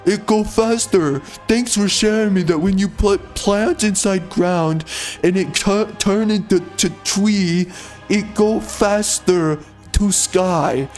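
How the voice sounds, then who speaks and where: A wide-eyed young male hero gushes over the most obvious remarks, full of fake wonder. A man acts him out mockingly. The voice jumps high and stretches each word. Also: takes it slowly, darkish tone, faint music behind. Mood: mock amazement. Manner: overexcited, fake amazement. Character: gushing naive young male game hero.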